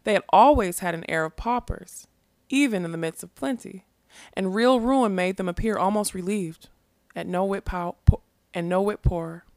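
A woman narrating a fantasy story in a steady, expressive reading. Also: mid-range voice, normal speed, no room sound.

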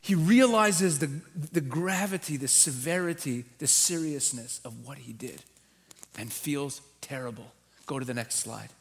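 A man, a rabbi, preaching a sermon in a church, teaching with animated emphasis and acting out quoted voices. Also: medium pitch, a little slow, gravelly.

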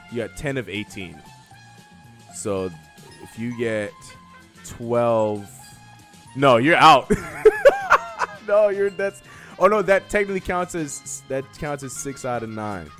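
A man's voice: mid-range voice, takes it slowly, pauses often. A man hosting a casual live-stream quiz, teasing his co-host and laughing often, with faint music behind. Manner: teasing, laughs a lot, lively. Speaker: show host running a quiz.

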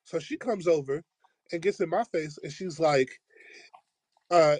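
A man's voice: a little high, a little slow, long pauses, a little mellow, no room sound. A man who teaches, telling a long school story in casual chat and acting out the voices of the people in it. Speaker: podcast host, teacher.

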